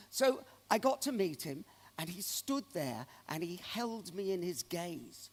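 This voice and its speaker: A man whose voice sits high talks a little slowly, spinning animated anecdotes during a keynote speech in a large conference hall. The sound has the long reverb typical of such a space.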